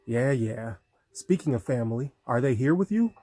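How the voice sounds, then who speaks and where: A man's voice: mid-range voice, lively intonation, moderate pace, mellow, no room sound, lightly acted. A male audiobook reader voicing an earnest, bantering teenage boy hero.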